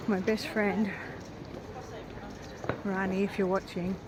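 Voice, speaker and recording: A woman strolls through town streets with a handheld camera and chats in an unhurried, rambling way. Her voice sits at an ordinary middle pitch. Loud traffic and street bustle press in around her. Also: little pitch movement. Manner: rambling, chatty asides. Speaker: vlogger. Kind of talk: casual walking tour vlog. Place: outdoors on busy town streets. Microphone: handheld camera while walking.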